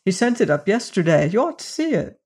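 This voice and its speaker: An audiobook narrator voicing a calm, hesitant young male student in a storybook reading. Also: medium pitch, a little fast, breathy edge.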